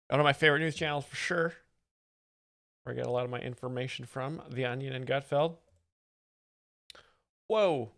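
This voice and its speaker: A man's voice: medium pitch, vocal fry, fairly bright tone, no room sound, clean studio sound. A man hosting a comedy livestream, rambling and reacting with amusement to the clips he plays. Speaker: livestream host. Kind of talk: casual livestream commentary.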